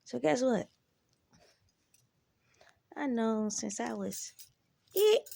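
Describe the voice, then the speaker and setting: A woman's voice: on the high side, very animated, very slow, gravelly, warm tone. A woman in a casual monologue, talking bluntly and with plenty of profanity as she reflects on her own life. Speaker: vlogger.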